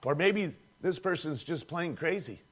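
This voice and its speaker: A preacher with a high-pitched voice delivers a sermon as dramatic storytelling. He speaks directly to his listeners, calling them friends, as he builds the scene. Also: expressive, measured pace.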